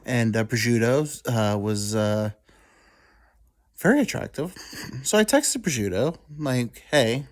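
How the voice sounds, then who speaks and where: A man's voice: medium pitch, very animated. A young adult man hosting a show, telling a rambling, self-deprecating story in casual monologue. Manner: rambling, self-deprecating, quotes people in quick asides. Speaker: podcast host.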